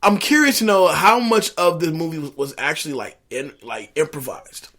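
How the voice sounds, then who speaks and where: A man co-hosting a casual movie recap, animated and rambling, with many fillers and restarts. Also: a little high, normal speed. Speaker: co-host.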